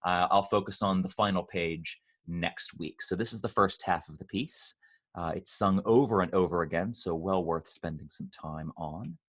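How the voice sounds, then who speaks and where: A man leading an online choir rehearsal, patiently explaining pronunciation and slowly demonstrating sounds. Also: sits low, fairly bright tone. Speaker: choir director.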